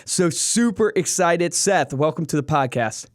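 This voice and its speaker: A man's voice: on the high side, animated, a little slow, dry recording, clean studio sound. A man hosting a podcast, chatty and enthusiastic, laughing easily as he introduces his guest. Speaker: podcast host. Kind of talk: casual podcast interview.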